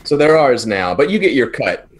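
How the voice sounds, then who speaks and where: A man's voice: mid-range voice, big pitch swings, moderate pace, pitched above the performer's own voice. A man voicing a male adventurer who bargains in a breezy, persuasive way.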